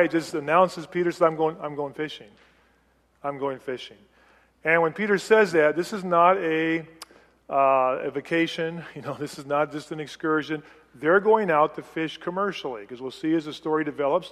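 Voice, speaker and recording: Middle-aged male preacher, conversational and chatty, higher-pitched, long hall reverb. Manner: chatty, acts out quotes, light laughs. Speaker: preacher teaching a Bible passage. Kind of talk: conversational sermon.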